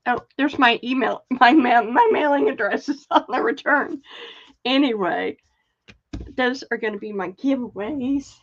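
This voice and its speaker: A woman's voice: fairly high pitch, measured pace. An older woman casually chatting on a live stream, greeting viewers by name and trailing off as she searches for things. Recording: dull lo-fi stream audio.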